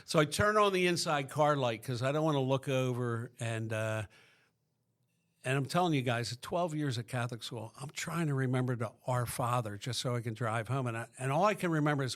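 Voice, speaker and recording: A man's voice: medium pitch, brisk. A middle-aged man from Pennsylvania, a podcast guest, tells his recovery story in a rambling way, full of restarts.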